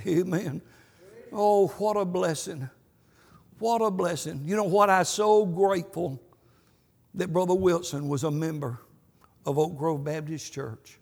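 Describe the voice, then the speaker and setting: A man delivers a folksy sermon with a high, gravelly voice. His tone is slightly husky, and he sprinkles amens throughout. A long reverb from a church hall trails his words. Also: a little slow, pauses often, darkish tone. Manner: folksy storytelling, repeated amens. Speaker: pastor.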